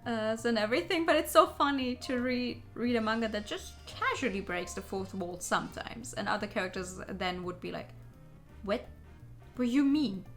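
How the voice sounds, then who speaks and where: A woman's voice: fairly high pitch, fairly quick, few pauses, fairly bright tone, faint music behind. Chatty, rambling young woman streamer. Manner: chatty, rambling, laughs, swears casually. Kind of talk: game stream commentary.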